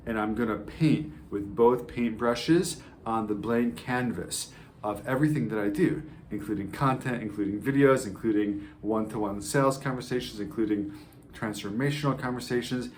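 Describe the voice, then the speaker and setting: A man's voice: lowish voice, moderate pace, a little mellow, a little hiss or hum. A man teaching a sales masterclass, explaining ideas step by step and often checking in with "right?" and "okay?", acting out tones of voice in his examples. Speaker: sales coach.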